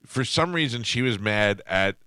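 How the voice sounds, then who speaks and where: Low-voiced man telling a lively story. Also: normal speed, smooth, no room sound, studio quality. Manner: animated, acts out quoted voices. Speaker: radio show host. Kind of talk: casual storytelling.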